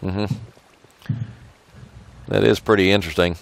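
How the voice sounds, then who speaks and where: A man's voice: low-pitched, steady tone, unhurried, vocal fry, dry recording. A man hosting a casual game tour, asking easygoing questions and chuckling along. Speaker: video host.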